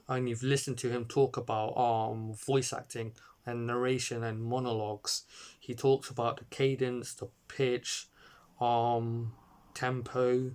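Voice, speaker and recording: A man talks through a short film review, hesitant and rambling, with constant fillers and restarts. He sits at a phone or webcam mic, and his voice sits at an ordinary middle pitch. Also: darkish tone.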